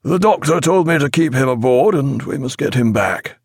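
A man's voice: medium pitch, lively intonation, normal speed, gravelly, no room sound, studio quality, voice pushed up. A man voicing a wounded, weary naval captain who gives orders in a raised, strained voice. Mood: resolute.

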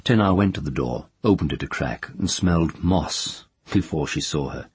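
Husky, deep-voiced male narrator. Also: animated, moderate pace, dry recording. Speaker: audiobook narrator. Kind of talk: scripted narration.

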